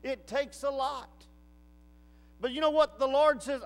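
A man's voice: very high voice, steady tone, measured pace, long pauses. A man preaching a sermon in a church, telling folksy stories and rising into emphatic outbursts. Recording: long reverb of a large hall.

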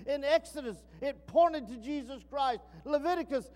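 A man preaching a sermon, swinging from emphatic peaks down to low, quiet asides. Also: sing-song, moderate pace, few pauses. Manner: rising to emphatic peaks then dropping low. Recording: long reverb.

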